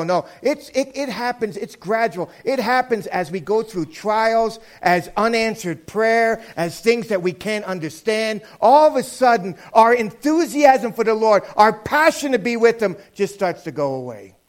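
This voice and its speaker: A male pastor preaching a sermon, emphatic, swinging from loud shouted lines down to quiet asides. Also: sits high, expressive, a little slow. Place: church sanctuary.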